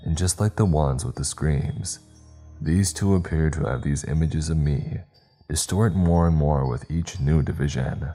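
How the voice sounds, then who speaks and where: A man's voice: rumbling low, unhurried, dark tone, slightly rough, faint music behind. A man reading a scripted first-person horror story with dramatic, tense storytelling. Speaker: narrator.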